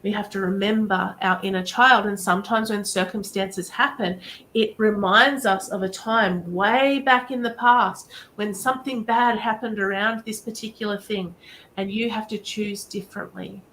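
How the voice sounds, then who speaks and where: A woman's voice: mid-range voice, steady tone, normal speed, fairly bright tone, a little hiss or hum, low-quality recording. A woman hosting a live-stream card reading, talking directly and encouragingly in a chatty way. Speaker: psychic reader and show host.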